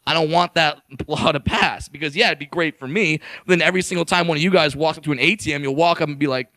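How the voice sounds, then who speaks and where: A man's voice: fairly high pitch, fast, bright, forceful tone, dry recording. A man from California performing a stand-up routine on a comedy stage, brash, profane and punchy, hammering his points home.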